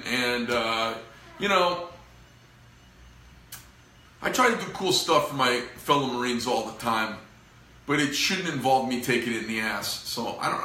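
In an echoey room, the middle-aged owner of a knife company rants to the camera about his business, cursing liberally and rambling out of frustration. He speaks at a medium pitch with a bright, forceful edge.

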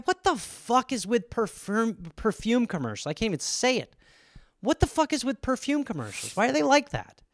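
A man hosting a comedy podcast, riffing alone in a rambling, profane, animated way. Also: high-pitched, no room sound, studio quality.

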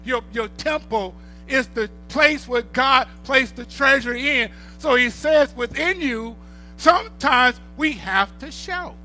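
A man's voice: very high voice, expressive, slow, pushed and bright, soft background music. A middle-aged male pastor, preaching a sermon with rising bursts of volume and storytelling.

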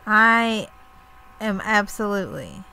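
A woman co-hosting a podcast in casual chat, laughing often and answering with quick agreement. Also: medium pitch, sing-song, gravelly, bright, forceful tone, clean tone, rough recording. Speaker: podcast co-host.

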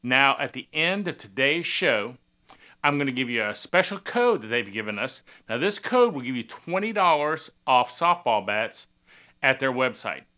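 A man hosting a softball TV show, introducing the segment and promoting offers. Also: medium pitch, sing-song, normal speed. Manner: chatty, promotional. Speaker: TV show host. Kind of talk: scripted show intro and outro.

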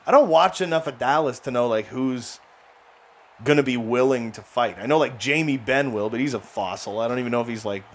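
Excitable man doing gameplay commentary. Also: mid-range voice, brisk, a little hiss or hum. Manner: excitable play-by-play, ranting and joking. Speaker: gaming channel host.

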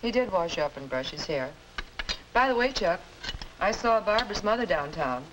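An actress playing a gentle middle-aged mother who mildly corrects her son, in a 1950s educational film. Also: medium pitch, animated, moderate pace, natural voice. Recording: hissy old film soundtrack.

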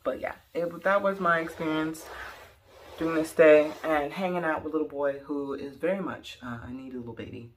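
A woman's voice: sits low, steady tone, normal speed, a little hiss or hum. A young woman telling a rambling, jokey story in a casual vlog, full of "like" and "um". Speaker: vlogger.

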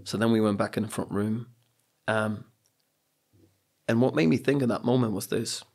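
A middle-aged British man speaks on a podcast in a gravelly, husky voice, earnest and reflective. He tells personal stories and drives his points home with repeated phrases. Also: on the low side, normal speed, a little mellow. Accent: British English. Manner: earnest, storytelling, emphatic repetitions. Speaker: podcast guest.

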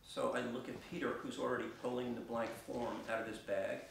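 Halting man telling a story in a theater. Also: medium pitch, steady tone, creaky, slight background noise. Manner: halting, many restarts and filler words. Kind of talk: personal storytelling on stage. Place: theater stage. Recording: echoey theater from far off.

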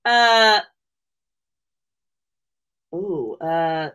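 With a fairly low, smooth, sharp-toned voice, lively intonation, and drawn-out words, a middle-aged wrestling show host chats as an interview guest. The conversation is casual, and she gushes, gets emotional, and laughs often.

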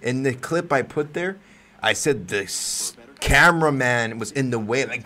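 A man hosting a casual livestream, reacting to wrestling, swearing freely and breaking into loud yells. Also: mid-range voice, unhurried. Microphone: desk microphone.

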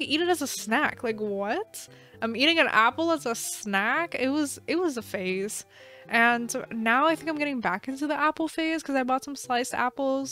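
A woman's voice: fairly high pitch, fairly bright tone. A young woman in her twenties casually commenting on her gameplay, rambling and giggling, and playfully scolding the game characters. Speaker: gaming channel host. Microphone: desk microphone.

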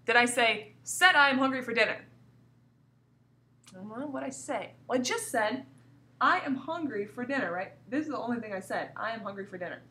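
Her voice slightly high, bright and ringing, a woman who teaches elementary school runs a recorded grammar lesson for young children. Example sentences come with exaggerated, deliberate pauses, and her pitch rises and falls widely. She is lively and keeps drawing the class in with coaxing questions.

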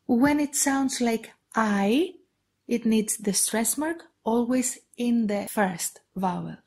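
A woman with a Greek accent teaching pronunciation on a podcast, saying each example word slowly and repeating it twice. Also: fairly high pitch, a little mellow. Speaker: Greek language tutor. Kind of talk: podcast lesson.

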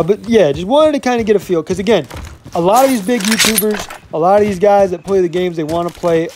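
A man's voice: fairly high pitch, a little mellow, a little hiss or hum. A man in his twenties, a gaming YouTuber, talking through his gameplay in a casual, upbeat way and often saying "you know what I'm saying".

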